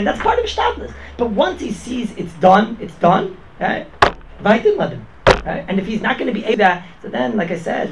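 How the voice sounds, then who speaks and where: A man's voice: sits high, vocal fry. A man teaching an informal Torah class, talking conversationally with emphatic repetitions, constant "right?" and Yiddish and Hebrew words. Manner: rapid, conversational, peppered with 'right?' and Yiddish and Hebrew terms. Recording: noisy background ambience.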